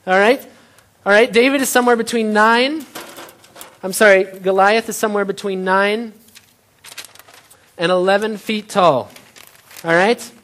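Preacher, sermon, conversational, rhetorical questions to the crowd, middle pitch. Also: a little slow, long pauses, a bit bright. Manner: retells scripture in plain everyday terms.

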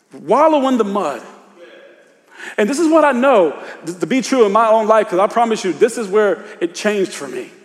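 A man preaching a sermon in loose, casual speech, dropping to a hush and rising to shouts. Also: sits high. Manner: swings from hushed confession to shouted exhortation; informal Southern-tinged preacher speech, "y'all" and "ain't". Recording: long hall reverb.

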